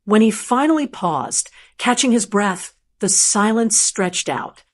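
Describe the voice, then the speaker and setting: An older woman narrating a first-person story in a calm, measured, plainspoken way. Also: medium pitch.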